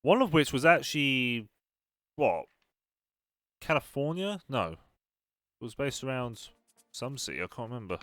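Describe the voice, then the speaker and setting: A man's voice: medium pitch, big pitch swings, a little slow, long pauses, fairly bright tone, no room sound. Chatty young man streaming a racing game. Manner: chatty, reads and answers chat while playing. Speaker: gaming streamer. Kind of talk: casual live-stream gameplay commentary.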